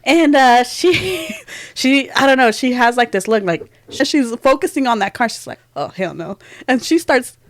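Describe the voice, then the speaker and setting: A woman's voice: sits high, lively intonation, normal speed, dry recording. A woman in her thirties, co-hosting a podcast, telling a story in casual chat and laughing often. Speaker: podcast co-host.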